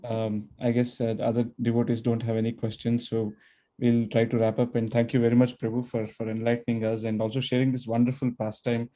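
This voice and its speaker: A man hosts and closes the session with gracious thanks. His voice is mellow and evenly pitched, with a soft, hesitant delivery. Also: completely flat delivery, brisk. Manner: soft, gracious, filler-laden. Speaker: session host. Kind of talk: closing remarks.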